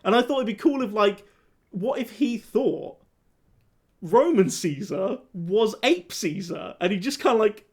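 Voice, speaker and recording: A man co-hosting a casual film review chat, animated and laughing as he acts out scenes. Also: high-pitched, unhurried. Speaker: podcast co-host.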